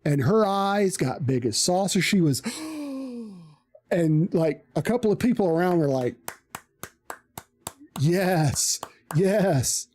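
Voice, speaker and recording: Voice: mid-range voice, lively intonation, normal speed, hardly any pauses, a little mellow. An adult parent streaming live, telling a story bluntly with plenty of swearing. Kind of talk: casual storytelling to a live chat.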